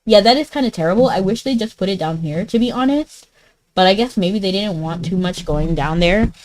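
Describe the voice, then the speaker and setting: A woman's voice: mid-range voice, a little fast, a little hiss or hum, poor audio. A woman streaming a game, chatting casually and giggling as she answers her chat. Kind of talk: casual live-stream chat while gaming.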